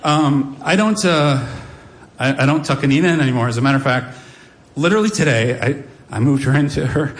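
Wry, animated man telling a story. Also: mid-range voice, a little fast, a little hiss or hum. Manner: wry, self-deprecating, animated delivery with playful voices. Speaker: storyteller on stage. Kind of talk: live storytelling performance.

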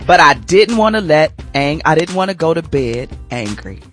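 A middle-aged woman hosting a radio morning show, telling a personal story with lively, preachy lessons and calling listeners y'all. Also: low-pitched, normal speed, soft background music. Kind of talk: casual testimony with sermon-like lessons.

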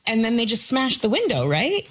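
Animated woman joking on a comedy panel. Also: fairly high pitch, moderate pace, faint music behind. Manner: animated, does funny sound effects. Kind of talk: comedic banter.

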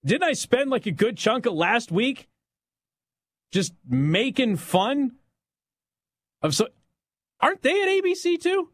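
A man's voice: high-pitched, moderate pace, pauses often, dry recording. A man hosting a talk radio show, delivering an opinionated, mocking monologue on a close studio mic. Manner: sarcastic, mocking, animated.

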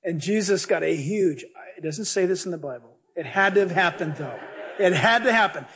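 A male pastor preaching a sermon, animated and joking as he retells scripture stories. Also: high-pitched, normal speed. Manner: animated, jokey, storytelling preacher.

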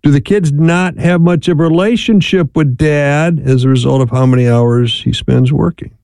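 Man, middle-aged, radio host, folksy chat, dark mellow voice, dry studio sound. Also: a little high, normal speed, vocal fry, dry recording. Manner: chatty, folksy, laughs easily. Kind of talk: casual call-in radio talk.

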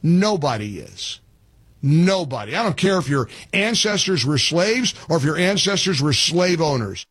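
A man's voice: sits high, lively intonation, normal speed, few pauses, a bit bright, husky, dry recording. A man hosting a talk radio show, blunt and sarcastic, taking calls and doing live ad reads.

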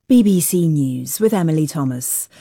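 A woman newsreader delivering a formal, measured news bulletin. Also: deep voice, animated, gravelly, warm tone, slightly rough, no room sound.

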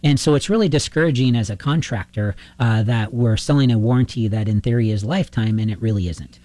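A middle-aged man, a roofing contractor, telling animated stories in a casual interview, acting out the phone calls he quotes. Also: mid-range voice, brisk, no room sound.

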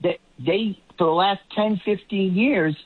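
A man comments as a guest on a political talk show. He rambles and often starts his sentences over. His voice is a little high and husky, and it comes through a tinny, phone-like line. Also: a little slow.

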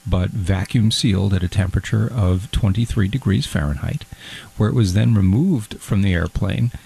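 A man's voice: on the low side, normal speed, gravelly, warm tone, husky, heavily acted. A man playing a fussy, emotional fondue-loving man who talks in a pompous, hesitant way. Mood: prim. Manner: pompous, hesitant, easily hurt. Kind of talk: comedy character bit.

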